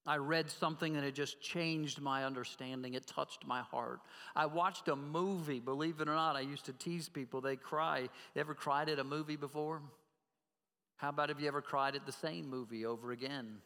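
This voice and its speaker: Male pastor preaching, slightly high voice. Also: fairly even intonation, normal speed, sharp tone, in a large hall. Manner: earnest, addresses the congregation directly with questions. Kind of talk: sermon.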